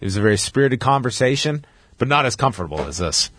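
A man in his thirties co-hosting a podcast, chatting in an animated, nostalgic way. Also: mid-range voice, fast, a little hiss or hum. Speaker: podcast co-host. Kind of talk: casual chat.

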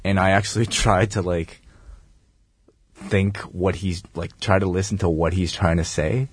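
Calm monotone man with a very low voice. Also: unhurried, slightly rough, no room sound. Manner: monotone, calm, rambling delivery. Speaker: podcast co-host. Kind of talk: casual chat.

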